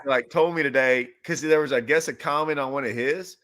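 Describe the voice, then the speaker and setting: A man's voice: mid-range voice, a little fast, a bit bright. A man hosting a casual chat, joking loosely and quoting himself as he tells stories. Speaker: host and pro angler.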